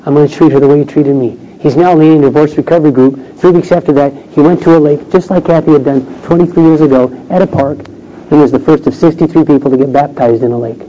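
A middle-aged man tells a family story from the pulpit, voicing the people he quotes as he goes. His voice sits a little high and mellow. The recording is dull and lo-fi, with faint noise behind it. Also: steady tone, quick pace. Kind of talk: sermon storytelling.

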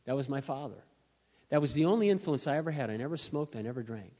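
A man's voice: medium pitch, expressive, fast. Man preaching a storytelling sermon. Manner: storytelling, rising to loud emphatic peaks. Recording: dull sound with long hall reverb.

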